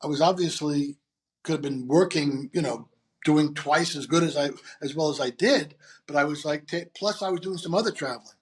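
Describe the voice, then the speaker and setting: A man in his sixties, a podcast guest telling stories in a brisk, animated way. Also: a little high. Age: 60s. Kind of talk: casual storytelling.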